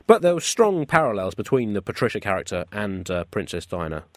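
A man co-hosting a comedy radio show with wry, deadpan delivery. His voice is dry and close on a studio mic. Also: on the low side, fairly quick, no echo. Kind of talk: comic radio banter.

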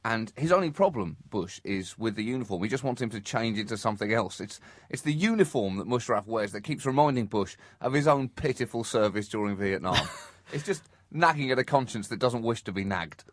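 A man's voice: fairly low pitch, expressive, a little fast, no room sound. A man co-hosting a comedy podcast, riffing with wry, mock-indignant satire.

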